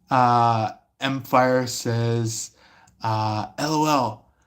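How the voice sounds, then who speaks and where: A man giving a casual livestream tarot reading, talking haltingly with many fillers and restarts. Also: mid-range voice. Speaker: tarot reader.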